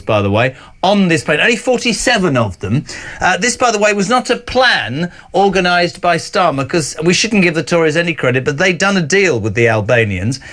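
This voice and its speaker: A male presenter with a notably high voice, holding forth on a panel discussion. He rants with heated conviction and drops in sarcastic asides. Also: fairly bright tone. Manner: impassioned, sarcastic ranting. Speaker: talk show presenter.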